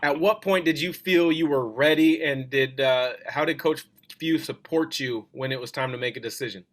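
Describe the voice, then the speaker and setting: A man's voice: medium pitch, moderate pace. A man co-hosting a podcast, chatting casually and asking his guests questions.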